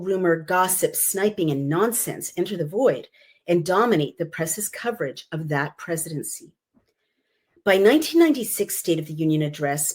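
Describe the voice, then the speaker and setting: Middle-aged female commentator, lower register, reads a prepared essay and stops for eager asides. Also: a little mellow, husky. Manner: enthusiastic asides with many fillers. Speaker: political commentator, former consultant. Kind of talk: reading an essay aloud with spoken asides.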